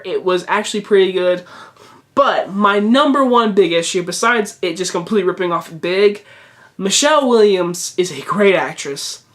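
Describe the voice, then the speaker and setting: Talking straight to the camera about a film, this young man sounds high and fairly bright. His casual review rambles, repeating points, with lots of false starts and filler words.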